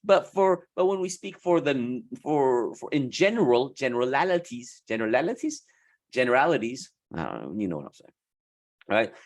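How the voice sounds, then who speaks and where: Animated, slangy man talking to camera. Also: normal speed. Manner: animated, slangy, puts on high voices for quoted people. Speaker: esthetics business coach. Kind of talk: casual talk to camera.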